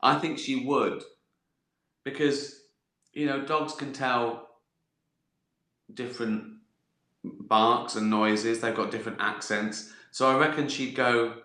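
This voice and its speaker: Bright-voiced man in casual banter. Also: medium pitch, unhurried, pauses often, reverberant. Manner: swearing, self-mocking banter. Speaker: livestream host answering viewer questions. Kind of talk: casual chat. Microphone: phone.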